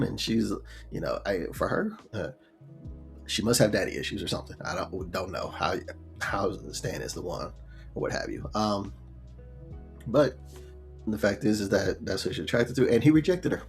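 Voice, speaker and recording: A man's voice: lowish voice, animated, a little slow, vocal fry, long pauses, soft background music. A man retelling a sitcom episode in a laid-back, rambling way, full of fillers and little acted quotes. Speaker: show reviewer. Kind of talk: casual episode recap.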